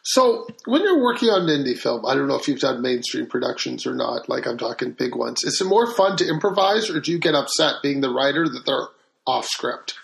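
A man interviewing a filmmaker, talking quickly and chattily. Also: mid-range voice, expressive, vocal fry, fairly bright tone. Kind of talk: casual interview chat.

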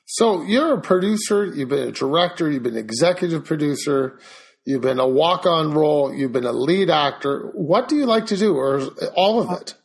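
A woman's voice: sits low, expressive, normal speed, a little mellow. A woman hosting an interview show, asking her guest upbeat questions. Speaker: talk show host.

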